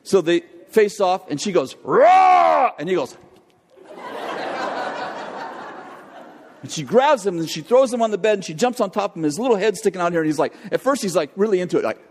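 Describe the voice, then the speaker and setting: An older man preaching a sermon, telling a jokey family story in an animated way. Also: high voice, fast talker, hardly any pauses. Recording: long hall reverb.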